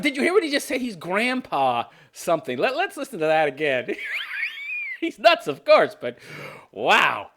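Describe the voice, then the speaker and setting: Fifties male commentary host, sarcastic and profane, laughing often, with an animated, swinging pitch. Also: normal speed, background noise. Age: 50s. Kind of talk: ranting video commentary.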